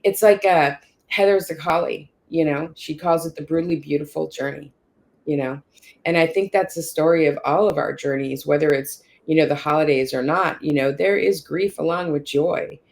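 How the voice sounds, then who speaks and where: A woman's voice: sits low, moderate pace, vocal fry, a little mellow. A woman telling a personal caregiving story in conversation, checking in often with "you know" and "right?". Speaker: caregiver sharing her story.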